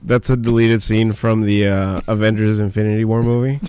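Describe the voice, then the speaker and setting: A man's voice: on the low side, little pitch movement, moderate pace, warm tone, a little hiss or hum. A man co-hosting a podcast in a studio, joking, swearing and explaining things for the listeners. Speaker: podcast co-host. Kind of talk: casual chat.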